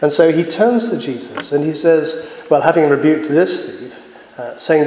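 A man preaching a sermon, earnest and measured, pausing often with fillers. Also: a little high, animated, darkish tone. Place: church. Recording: echoey church hall with long reverb.

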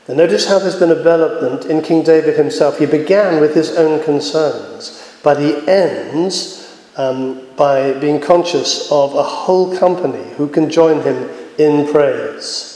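A man preaching a sermon, earnest and measured, pausing often with fillers. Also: on the high side, darkish tone. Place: church. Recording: echoey church hall with long reverb.

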